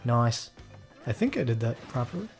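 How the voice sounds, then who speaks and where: A man's voice: medium pitch, very animated, normal speed, soft background music. Wry man commenting over gameplay. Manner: dry, wry asides. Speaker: let's play host.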